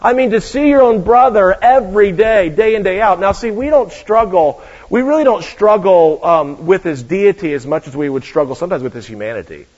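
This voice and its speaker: A man with a high voice delivers a sermon as a guest preacher. He tells stories and throws in joking asides. The recording sounds dull and lo-fi. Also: a little fast, few pauses. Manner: lively storytelling with joking asides.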